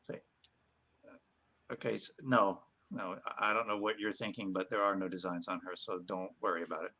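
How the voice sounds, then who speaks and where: A player speaking in character during a tabletop role-playing game, casual and quick to laugh. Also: low voice, fairly even intonation, pushed and bright.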